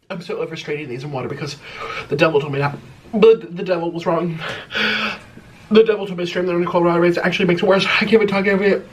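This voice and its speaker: A man's voice: sits high, fairly even intonation, fast, long pauses, far from the mic. A man on an eating vlog, talking dramatically and complaining between bites at a home table. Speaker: eating-show vlogger. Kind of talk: casual mukbang eating chatter.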